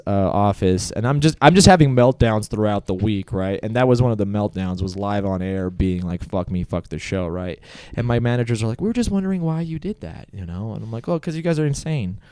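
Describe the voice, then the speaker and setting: A man on a casual comedy podcast, telling a long work story with lots of swearing and loud bursts of laughter. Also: on the low side, clear, resonant tone, no room sound, clean studio sound. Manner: animated storyteller, swears freely, laughs loudly at his own story.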